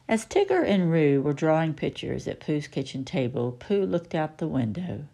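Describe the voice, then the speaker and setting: A woman reading a children's book aloud in an expressive way. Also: low voice, normal speed, creaky. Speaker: storybook reader.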